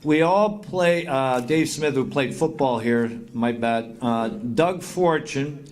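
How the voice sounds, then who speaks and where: A man's voice: mid-range voice, slow, darkish tone. A middle-aged man giving a heartfelt acceptance speech at a hall of fame induction, thanking people and reading out long lists of names. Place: induction banquet.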